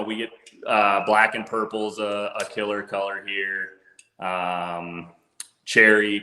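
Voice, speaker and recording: A man talks through his fishing gear in an easygoing, casual way, dropping "dude" and "bro" as he goes. His voice sits low but has a bright, forceful edge to it. The sound is roomy, with a noticeable echo around him. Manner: laid-back, says "dude" and "bro". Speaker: fishing guide.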